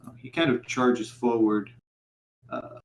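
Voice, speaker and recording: A man narrating as game master for a tabletop game, in a halting style full of fillers. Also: mid-range voice, echoey room.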